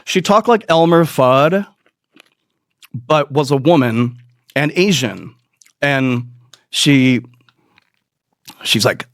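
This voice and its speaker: A middle-aged man telling a rambling, profane comic story with quick asides and put-on voices. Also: mid-range voice, expressive, a bit bright, no echo, studio quality. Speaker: comedian. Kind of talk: stand-up storytelling.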